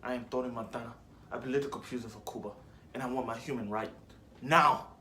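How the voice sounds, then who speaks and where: A man's voice: medium pitch, steady tone, pushed and bright, a little hiss or hum, natural voice. A man doing a brash Tony Montana gangster. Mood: defiant. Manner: fast, gruff put-on gangster accent.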